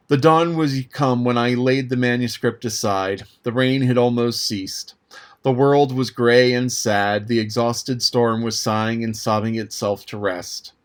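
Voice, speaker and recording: A man narrating a classic novel aloud as an audiobook reader, in a measured, even manner. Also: mid-range voice. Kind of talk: scripted narration.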